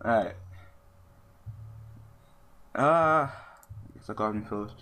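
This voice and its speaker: A man's voice: fairly low pitch, slow, sharp tone. A man telling a profane, ranting story while commentating a card game he is playing. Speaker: gaming YouTuber. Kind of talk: venting commentary over card game play.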